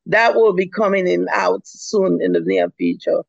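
A woman's voice: on the low side, fairly even intonation, moderate pace, creaky, no echo. A woman from Leone, a guest author chatting cheerfully over a video call. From Sierra Leone. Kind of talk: casual chat on a video call. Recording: dull lo-fi call audio.

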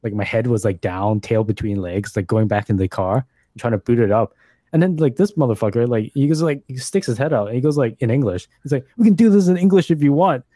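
A man in casual chat, crude and joking, quick to tease his friends. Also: medium pitch, mellow, dry recording, studio quality.

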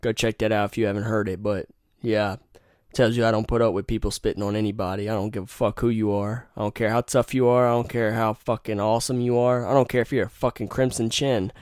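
Profane young man, smooth low voice. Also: level tone, fast, darkish tone, no room sound, clean studio sound. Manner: profane, rambling, opinionated. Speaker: podcast host. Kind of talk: casual storytelling monologue.

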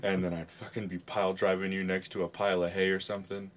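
A man's voice: deep voice, flat delivery, fast talker. A man co-hosting a podcast, telling crude comedic stories, acting out quoted lines and laughing at his own jokes. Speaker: podcast co-host.

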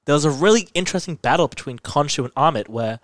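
A man in casual chat, retelling a TV episode in a rambling, animated way, full of "like" and restarts. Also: on the high side, fast, no echo, studio quality.

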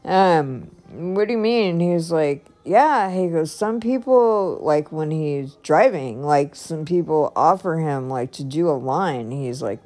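Slow-talking chatty woman vlogger. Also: deep voice, expressive, darkish tone. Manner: chatty, rambling, laughs often, faith-filled. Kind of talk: casual personal vlog.

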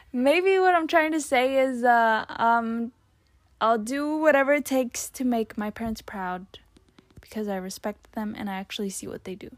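A young woman talks casually on her own podcast, musing and rambling with lots of fillers. Her voice sits a little high. The recording is dry and close, with no room sound. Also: no echo. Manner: chatty, rambling, many "like" fillers. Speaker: podcast host. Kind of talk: casual solo talk reading old notes.

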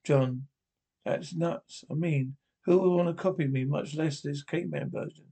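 A man voicing a brash male astronaut hero, reading his lines with wry exasperation in his own gravelly voice. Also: fairly high pitch, normal speed, warm tone. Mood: exasperated.

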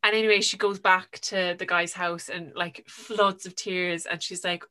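A woman's voice: fairly low pitch, steady tone, normal speed, pushed and bright, clean tone. A woman co-hosting a podcast, retelling a book in a chatty, enthusiastic way with lots of fillers. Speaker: podcast co-host. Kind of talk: casual book chat.

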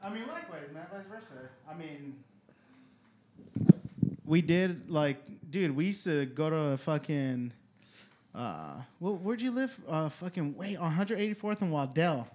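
A man's voice: on the high side, big pitch swings, a little slow, a little mellow, slight background noise. A young man hosting a casual podcast, telling rowdy stories full of swearing. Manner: loose, profane storytelling, swears constantly. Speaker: podcast host. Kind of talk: casual chat.

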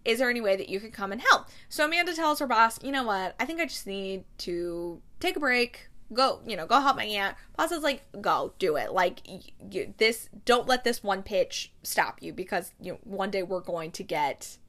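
A woman's voice: mid-range voice, expressive, normal speed, few pauses, sharp tone. A young woman hosting a casual chat show, chatty and rambling, with lots of fillers and self-corrections. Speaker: podcast host reviewing TV movies.

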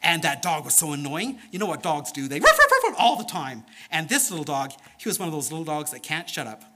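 Man, children's sermon storyteller, animated, playful, sound effects, bright voice, slightly high pitch. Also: a little fast, slight background noise.

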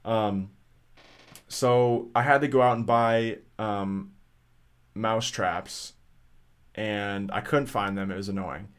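A man's voice: fairly low pitch, fairly even intonation, slow pace, long pauses, clear, resonant tone. A young man casually telling a rambling story on a podcast, swearing often and full of fillers and restarts. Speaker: podcast co-host.

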